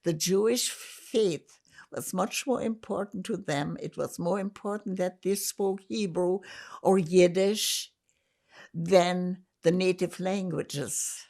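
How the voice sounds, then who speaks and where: An older woman from Germany, giving an oral history interview in a slow, reflective way with pauses and restarts. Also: on the low side, darkish tone. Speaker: interviewee, survivor.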